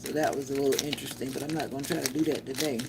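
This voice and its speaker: A woman's voice: rumbling low, fairly even intonation, rapid-fire, vocal fry, heavy background noise. A woman vlogger with a Southern US country twang, chatting casually and rambling to viewers while busy with kitchen chores. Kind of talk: casual vlog chat while cooking.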